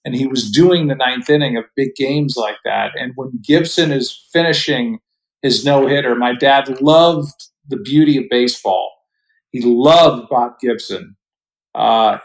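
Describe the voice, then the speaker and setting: A middle-aged man chats as a podcast guest over a remote call. He sounds reflective and unhurried, often restarting sentences as he searches for his words. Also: mid-range voice, low-quality recording. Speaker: guest broadcaster. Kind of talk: relaxed podcast storytelling.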